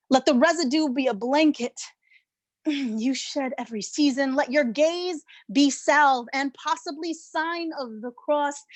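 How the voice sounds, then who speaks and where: Slow, high-voiced woman reading poetry. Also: a little mellow, no room sound. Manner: slow, deliberate spoken-word delivery. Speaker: poet.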